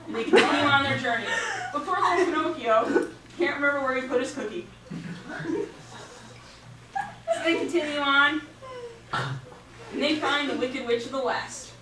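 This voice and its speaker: A woman's voice: high voice, normal speed, pauses often. A woman improvising a silly story, rambling and playful and often giggling, recorded from a distance in a roomy, noisy space.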